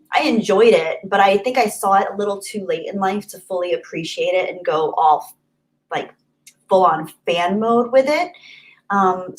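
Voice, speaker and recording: A woman's voice: mid-range voice, poor audio. A young woman chatting casually on a live stream, reading out viewer donations with frequent laughs and off-the-cuff asides.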